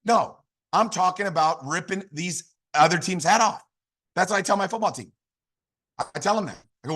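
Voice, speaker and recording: Man, motivational speaker, high-pitched, emphatic, repetitive, pumped up. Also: a little fast, a bit bright. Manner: fired up, emphatic, repetitive exhortations. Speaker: motivational speaker at sales training. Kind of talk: high-energy motivational talk.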